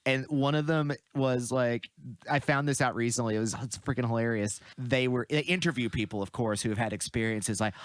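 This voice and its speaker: A man's voice: mid-range voice, fairly even intonation, normal speed, smooth, dry recording. A man co-hosting a film podcast, telling stories casually with many restarts. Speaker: podcast co-host. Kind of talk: casual chat.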